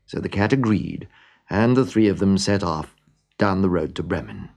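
A man reading a children's story aloud in an expressive, animated way. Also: low-pitched, normal speed, creaky. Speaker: narrator.

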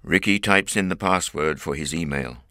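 A man narrating a storybook reading at a measured, clear pace. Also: a bass voice, bright, forceful tone, dry recording, studio quality.

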